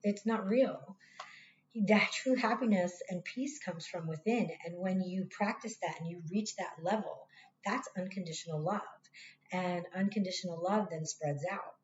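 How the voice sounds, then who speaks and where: A woman's voice: on the low side, moderate pace. A woman reading tarot in a casual spiritual talk, speaking candidly and swearing freely as she addresses her viewers directly. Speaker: tarot reader. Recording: echoey room, dull lo-fi sound, faint hiss.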